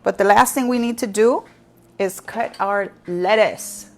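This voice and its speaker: A woman's voice: mid-range voice, measured pace. A middle-aged woman hosting a casual live cooking class from her kitchen, telling stories with laughs and talking straight to her viewers. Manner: chatty, warm storytelling with laughs and asides to viewers. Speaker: cooking show host. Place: home kitchen.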